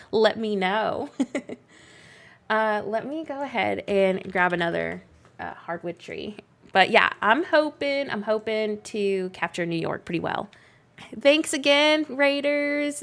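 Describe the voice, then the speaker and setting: A young woman streaming a game, chatting casually, giggling often and bursting into excited outbursts. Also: a little high. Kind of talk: casual live-stream chat while playing.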